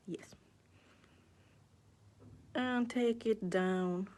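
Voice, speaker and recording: Slow, chatty woman teaching nail art. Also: mid-range voice, fairly even intonation, darkish tone. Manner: chatty, thinking aloud with playful sound effects. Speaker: nail artist. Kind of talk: live online nail art class.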